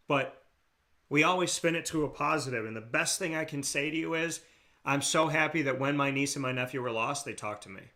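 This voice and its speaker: Brisk and on the high side, an American man hosting a radio talk show speaks in a bright, forceful tone. He delivers a heartfelt monologue full of earnest passion, restating his key phrases for emphasis.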